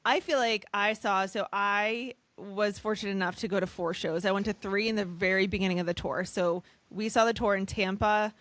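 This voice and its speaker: A woman's voice: mid-range voice, steady tone, moderate pace, hardly any pauses, fairly bright tone, no echo. Woman, podcast host, conversational interviewer, enthusiastic, rambling questions, dry close recording.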